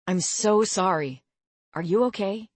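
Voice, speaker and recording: A woman's voice: medium pitch, a little slow, no room sound, natural voice. A woman voicing a concerned, protective teenage boy who is a young mage. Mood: tender.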